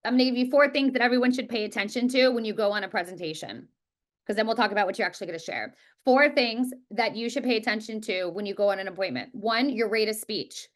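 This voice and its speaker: A woman teaching a real estate class, talking quickly and emphatically and repeating words for stress. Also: fairly high pitch. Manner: talks quickly. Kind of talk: live class presentation.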